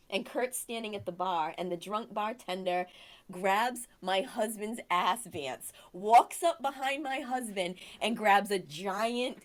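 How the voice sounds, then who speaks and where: A woman from Rhode Island, a guest in a casual interview, animatedly telling a dramatic personal story. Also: medium pitch. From Rhode Island, USA.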